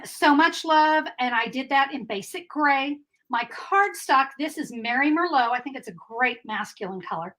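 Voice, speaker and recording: A woman's voice: high voice, pushed and bright, poor audio. A middle-aged woman hosting a live paper craft tutorial, chatty and upbeat, talking to her viewers as friends.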